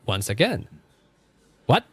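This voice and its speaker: A man's voice: mid-range voice, huge pitch swings, slow, husky, dry recording. A male streamer casually commenting on a game as he plays and chatting with his viewers. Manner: chatty, reactive, talks to chat. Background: faint game music.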